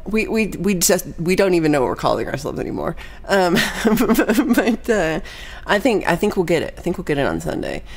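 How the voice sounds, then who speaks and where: A woman from Texas hosting her weekly livestream song show, chatting casually with viewers in a bubbly way, with quick asides and frequent laughs. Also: on the low side, very animated.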